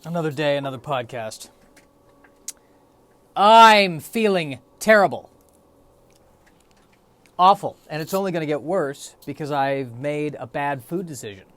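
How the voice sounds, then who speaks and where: A man's voice: fairly high pitch, animated, measured pace, long pauses, fairly bright tone. A man hosting a solo podcast, rambling in a wry, self-deprecating way. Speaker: podcast host. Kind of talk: solo comedic podcast monologue.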